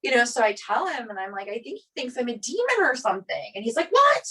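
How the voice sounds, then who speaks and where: This woman talks fast in a fairly high, slightly rough voice while co-hosting a podcast. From an Italian family, she relays a personal story in casual conversation, animatedly performing the people she quotes amid many "like" fillers.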